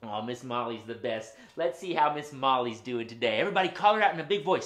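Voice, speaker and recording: Animated man hosting a kids' show. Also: medium pitch, quick pace, hardly any pauses. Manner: animated, sing-song, talks to kids at home. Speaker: children's entertainer host. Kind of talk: children's puppet show. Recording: roomy room echo.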